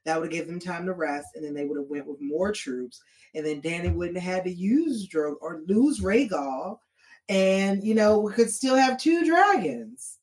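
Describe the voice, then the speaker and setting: A woman in casual chat about a TV show, expressive and profane, acting out quotes. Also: lowish voice, normal speed.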